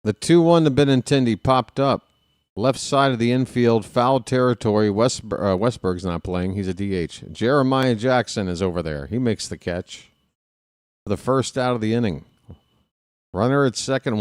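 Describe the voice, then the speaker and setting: A man streaming casual live baseball play-by-play, chatting with viewers and reading out their names between pitches. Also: normal speed, clean tone, no echo, clean studio sound. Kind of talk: live play-by-play with chat shout-outs.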